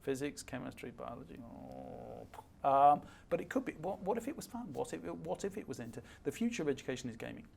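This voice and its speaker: A man's voice: medium pitch, expressive, quick pace, vocal fry, a little mellow. An older man, a guest speaker at a fireside chat, telling stories emphatically and acting out the dialogue.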